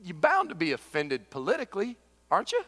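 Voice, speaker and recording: Middle-aged male pastor, animated sermon delivery, high-ish and bouncy, recorded in a reverberant hall. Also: fairly quick. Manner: animated storytelling, swings between loud exclamations and hushed intensity. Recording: echoey large hall.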